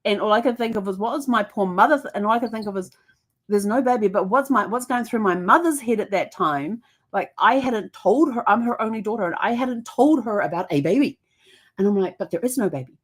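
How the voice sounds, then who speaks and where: A woman's voice: mid-range voice, expressive, fairly quick. A middle-aged woman, casually telling a personal story for her vlog, chatty and rambling, laughing often and acting out the voices of people she quotes. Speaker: host.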